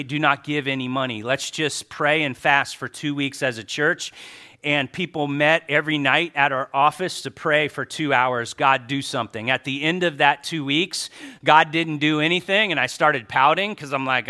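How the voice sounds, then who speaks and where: A middle-aged man preaching to his church, a pastor telling stories in an animated way and quoting people in his own voice. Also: medium pitch. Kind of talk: sermon.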